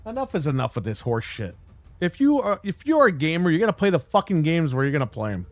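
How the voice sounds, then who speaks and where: Fired-up guy ranting on stream, swears nonstop, kinda high voice, bit of music in the back. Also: sing-song, fast talker, dry recording. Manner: angry, blunt and heavily profane, mocking voices he quotes. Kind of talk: profane rant on a live stream.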